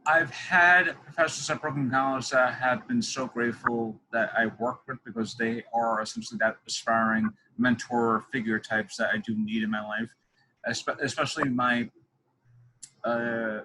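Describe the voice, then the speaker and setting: A man's voice: medium pitch, fairly even intonation, moderate pace, sharp tone, poor audio. A young man hosting a podcast interview, talking in a rambling, casual way with many restarts. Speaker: podcast host.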